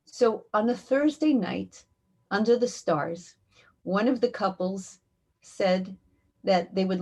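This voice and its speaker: Woman, community educator, heartfelt interview storytelling, climbs high when quoting. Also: darkish tone.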